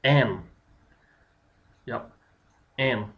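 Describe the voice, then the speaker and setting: A man's voice: medium pitch, very slow, dull audio. A man giving a tutorial, explaining step by step with many fillers. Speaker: instructor. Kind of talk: screen-recorded software tutorial.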